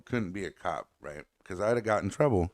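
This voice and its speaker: A man with a very deep voice chats loosely on a talk show and rambles from one story to the next. He laughs often, swears freely and sounds close and dry, with no room around him. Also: animated, fairly quick, no echo. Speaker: podcast co-host. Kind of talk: casual chat.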